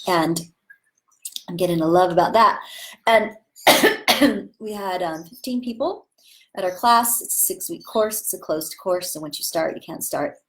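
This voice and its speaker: A woman's voice: lowish voice, a little slow, a bit bright, rough recording. A woman acting teacher talking casually and with enthusiasm about voice training, demonstrating vowel sounds as she goes.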